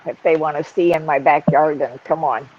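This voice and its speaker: A man's voice: fairly high pitch, fairly even intonation, normal speed, darkish tone, lo-fi sound, slight background noise. A man joining a casual group chat over a call, full of teasing banter.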